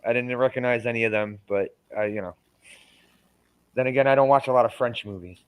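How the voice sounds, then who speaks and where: A man's voice: mid-range voice, brisk, clean tone, rough recording. Crude, rambling man chatting about a movie. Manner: crude, rambling, laughs often. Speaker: podcast co-host. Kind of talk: casual movie discussion.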